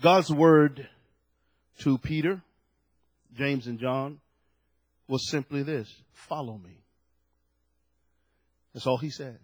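A man preaching a sermon to his church, swinging from hushed, slow phrases to loud, fervent passages. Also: medium pitch, dry recording. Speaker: pastor.

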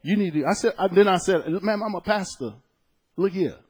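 A man preaching a sermon as pastor, telling a personal story, swinging between loud exclaiming and soft, hushed storytelling. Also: sits high, moderate pace, husky.

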